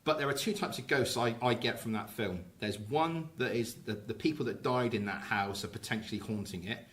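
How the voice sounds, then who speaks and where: Male podcast host, animated storyteller, bright edge to the voice. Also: mid-range voice, brisk. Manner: lively storyteller recounting film plots. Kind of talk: casual podcast chat.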